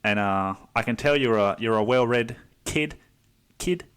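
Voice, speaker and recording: A man's voice: mid-range voice, unhurried, a bit bright, clean tone, close to an everyday voice. A man voicing a condescending Australian bloke with an Australian accent, repeating himself in a patronizing way.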